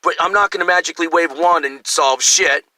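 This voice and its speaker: An older man voicing a calm male messiah who preaches in a slow, declaiming way. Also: on the high side, no room sound, low-quality recording. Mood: lofty.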